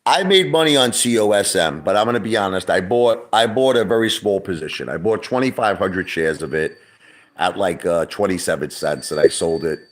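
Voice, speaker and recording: Deep-voiced New man rambling casually. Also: animated, fairly quick. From Brooklyn, New York. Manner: rambling, profane, repeats himself. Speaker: livestream host. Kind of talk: casual livestream chat.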